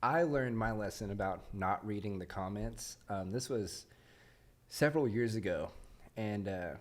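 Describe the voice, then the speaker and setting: A man's voice: lowish voice, measured pace. A young man hosting a podcast, telling stories in a laid-back, casual way and laughing often. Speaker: podcast host. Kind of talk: casual chat. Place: podcast studio.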